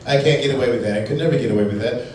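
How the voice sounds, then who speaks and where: A man's voice: medium pitch, a little mellow. A man from Chicago performing a stand-up comedy set on a brew pub stage, talking in a wry, playful way. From Chicago, USA. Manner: wry, playful, quick jumps into put-on voices. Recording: distant, echoey, noisy live bar recording. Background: audience laughter and bar noise.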